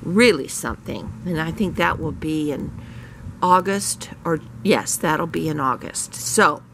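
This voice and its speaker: A woman's voice: low-pitched, measured pace, creaky, a bit bright, a little hiss or hum, rough recording. A middle-aged woman hosting her own channel, talking casually to camera out in a garden, rambling with many fillers and restarts. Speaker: channel host. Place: outdoors in a garden.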